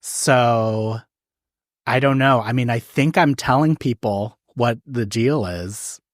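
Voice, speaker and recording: A podcast host muses aloud in easy conversation, restarting phrases and breaking into laughs. The voice sits at a middle pitch in a dry, close recording. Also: takes it slowly, no room sound. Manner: hesitant, laughs often. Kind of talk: casual chat.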